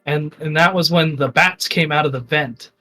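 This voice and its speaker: A man's voice: a little high, normal speed, pushed and bright. A young man co-hosting a podcast, telling his story in hesitant, filler-heavy casual chat with casual swearing. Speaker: podcast co-host.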